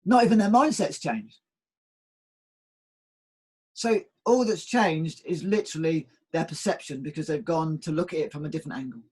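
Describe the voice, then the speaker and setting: A man in reflective conversation, telling stories at an easy pace and circling back over his words. His voice is a touch high and husky. The talk is casual spiritual chat. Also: moderate pace, long pauses, a little mellow. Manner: reflective, storytelling, repeats words. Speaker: co-host.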